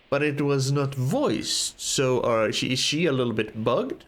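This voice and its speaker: A man's voice: mid-range voice, sing-song, unhurried, a bit bright. A man giving casual let's play commentary, chatty and thinking aloud while he plays. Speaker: gamer.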